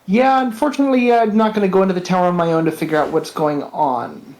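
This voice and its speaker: A man playing in a tabletop game, talking hesitantly with many pauses. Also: sits high, darkish tone, rough recording. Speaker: player. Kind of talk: casual tabletop play online.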